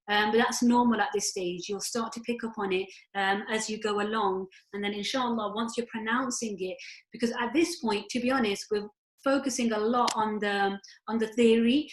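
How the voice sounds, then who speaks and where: A woman teaching Quran recitation rules in an online class. She explains each rule step by step and recites verses slowly. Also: fairly high pitch, echoey room, low-quality recording. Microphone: video call.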